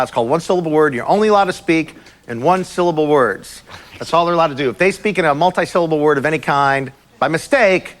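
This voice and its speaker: A man's voice: a little high, fairly bright tone. A man hosting an improv comedy show to a live audience, chatty and loose with filler sounds. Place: large green-screen soundstage with a live audience. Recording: live studio audience and background noise.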